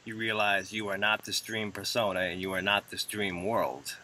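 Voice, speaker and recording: A man's voice: fairly low pitch, steady tone, moderate pace, pushed and bright. A man hosting an interview, who pushes back on his guest with short, provocative remarks. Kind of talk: casual interview.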